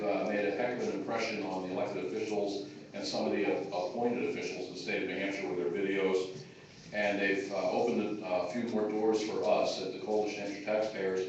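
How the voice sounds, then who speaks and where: Here a taxpayers' group chairman with a low, darkish voice rambles informally to a crowd, leaning on filler words. The phone recording from the audience, far off in an echoey hall, has its highs cut off and slight background noise.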